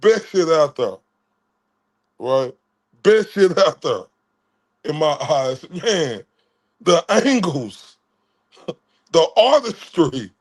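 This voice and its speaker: A man's voice: fairly high pitch, big pitch swings, extremely slow, long pauses. A man from Texas, streaming commentary in a preachy way and repeating his phrases.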